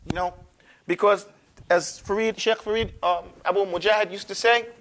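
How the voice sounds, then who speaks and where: A man teaching a Quran recitation class, drawing syllables out slowly for students to repeat, then explaining in quick, loose talk. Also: high voice, fairly bright tone. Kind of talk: classroom tajweed lesson.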